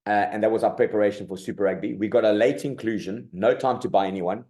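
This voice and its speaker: A middle-aged man from South Africa, a rugby coach telling stories in a casual interview, animated and colloquial, often saying "mate". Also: lowish voice, fast.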